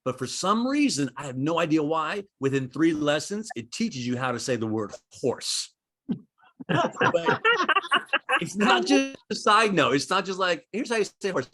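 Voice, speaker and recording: A man's voice: fairly high pitch, big pitch swings, measured pace, sharp tone. A young American man doing a stand-up routine on a virtual comedy show, rambling and self-deprecating, laughing at his own jokes. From United States.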